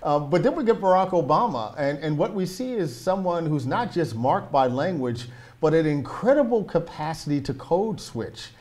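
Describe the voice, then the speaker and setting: A man's voice: a little high, very animated, normal speed, a little mellow. A man hosting an academic talk show, chatting conversationally with frequent "you know" and "right". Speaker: host.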